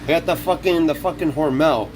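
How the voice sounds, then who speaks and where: A man's voice: fairly high pitch, a little fast, background noise. A young man live-streaming from his kitchen on his phone, talking rowdy and profane while he cooks. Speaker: livestreamer. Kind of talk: casual live-stream talk while cooking.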